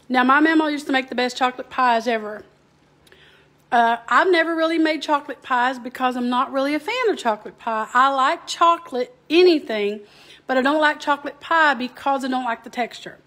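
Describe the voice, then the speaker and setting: Southern woman, high voice, homey cooking host, easy y'all-style chat. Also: a bit bright. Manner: homey, chatty, addresses viewers as y'all. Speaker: home cook host. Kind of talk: casual cooking demo.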